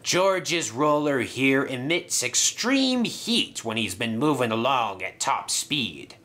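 Give me a man playing a menacing old pirate, low and slow. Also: very animated, bright, forceful tone, full character voice. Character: gruff scheming male pirate sailor.

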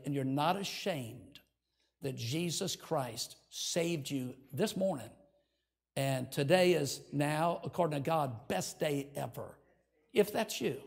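A man's voice: sits high, gravelly, darkish tone. Older male pastor giving an altar call. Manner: earnest, leads prayer, coaxing invitation. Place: church sanctuary.

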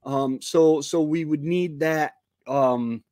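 A man in his fifties hosts a homestead live stream, chatting casually and rambling with many fillers and restarts. His voice is on the high side, slow, and darkish in tone, captured by a computer mic in a dry, studio-quality recording.

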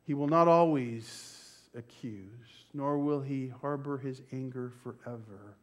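An older man and pastor, preaching a sermon with slow, emphatic phrasing that sometimes drops to a near-whisper. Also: medium pitch. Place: church.

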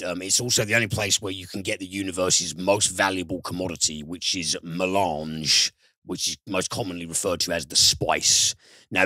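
A man's voice: deep voice, pushed and bright, no echo, studio quality. A British man reviewing films on a podcast in casual chat, enthusiastic and swearing freely. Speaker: film reviewer.

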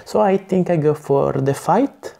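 A man's voice: fairly high pitch, vocal fry, warm tone. Man reading a gamebook live. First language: Italian. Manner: halting, chatty asides with self-corrections.

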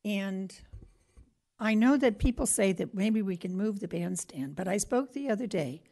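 A woman's voice: mid-range voice, lively intonation, normal speed, vocal fry, dark tone. A woman from a local historical association giving a chatty, rambling public comment at a city planning meeting. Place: council chamber.

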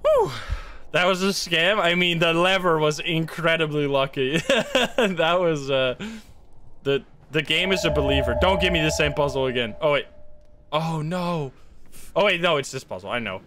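A man streaming a horror game live, reacting excitably, swearing often and chanting to himself as he plays. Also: on the high side, normal speed, slight background noise. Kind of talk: live gameplay commentary.

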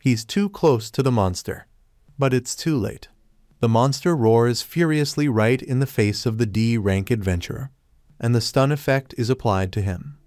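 A man reading a scripted story recap in a steady, even storytelling manner. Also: medium pitch, no echo, studio quality. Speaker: recap narrator.

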